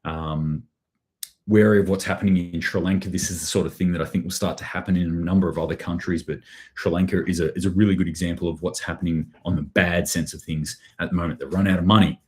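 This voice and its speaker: A man's voice: low-pitched, fairly even intonation, quick pace, a little mellow. An Australian man hosting a live prepping show, giving casual news commentary in a rambling, sardonic way with dry sarcasm. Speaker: prepping channel host.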